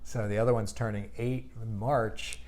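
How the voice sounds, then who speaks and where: A man in his forties chatting casually, telling animated stories and laughing often. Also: fairly low pitch, normal speed. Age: 40s. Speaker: guest. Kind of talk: casual chat.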